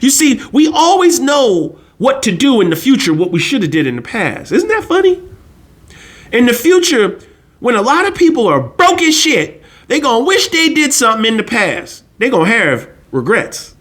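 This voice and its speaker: High, lively-voiced man ranting on finance. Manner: blunt, slangy, preachy. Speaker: finance channel host. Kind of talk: casual monologue.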